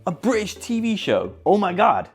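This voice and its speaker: A man voicing an eager, slangy young guy, talking high and loud. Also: huge pitch swings, normal speed, soft background music. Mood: excited.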